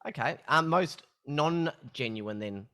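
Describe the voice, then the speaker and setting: A man's voice: fairly high pitch, expressive, slow pace, bright, forceful tone. A man hosting an interview who stumbles and repeats words as he asks his questions. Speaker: interview host.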